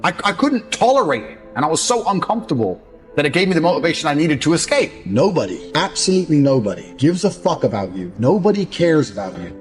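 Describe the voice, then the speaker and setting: A man delivers a blunt, profane motivational lecture. His voice sits fairly high and swings widely in pitch as he drives his points home. Faint music plays underneath. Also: very animated, quick pace. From England. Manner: mocks others by acting out their excuses. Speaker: motivational speaker. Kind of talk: motivational speech. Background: faint background music.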